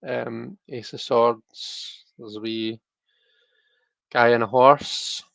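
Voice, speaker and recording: Gravelly chatty man. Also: medium pitch, fairly even intonation, very slow, fairly bright tone, dry recording. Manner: rambling, chatty, many restarts and fillers. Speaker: tarot livestream host. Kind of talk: casual chat to live viewers.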